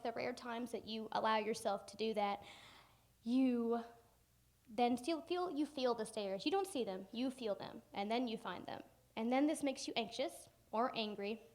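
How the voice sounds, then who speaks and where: A young woman delivers a keynote in a fairly high voice, animated and humorous as she acts out the people in her story. She speaks as a storyteller addressing a conference audience. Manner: animated and humorous, acting out family members. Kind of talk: personal storytelling speech. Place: conference hall.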